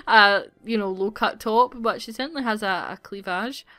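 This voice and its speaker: A woman's voice: mid-range voice, lively intonation, moderate pace, sharp tone, dry recording, faint music behind. A woman playing a game on video, chatting and giggling in asides between reading its lines. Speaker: let's-play gamer.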